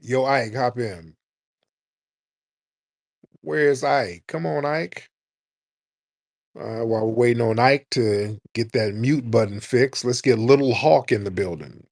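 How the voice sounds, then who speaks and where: A man's voice: medium pitch, takes it slowly, pauses often, darkish tone. A man hosting a live call-in talk show, speaking in an emphatic, repetitive, preaching way. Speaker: host.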